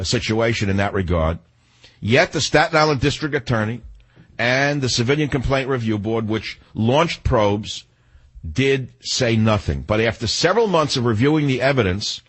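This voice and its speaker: An older man hosts a talk radio show, his husky voice pressing every point. He talks in an emphatic, combative monologue, plainly outraged. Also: mid-range voice, moderate pace.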